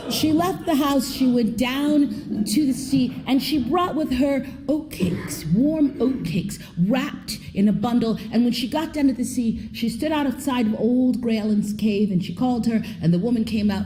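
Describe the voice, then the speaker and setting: Expressive woman storyteller, low mellow tone. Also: moderate pace. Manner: expressive, swoops in pitch, drops to a hush. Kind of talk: live storytelling performance. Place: theater stage before an audience.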